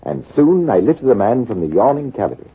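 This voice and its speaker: A composed army major in a 1940s radio play, telling his war story in a measured way. His husky voice rises and falls in a lively way. The recording is thin and tinny. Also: medium pitch. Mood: calm. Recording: tinny, lo-fi old radio broadcast.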